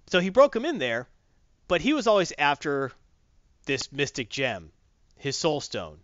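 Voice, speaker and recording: A man hosting a casual chat reviewing a comic book, rambling and animated, acting out voices. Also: on the high side, normal speed, dry recording, muffled recording. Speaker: podcast host.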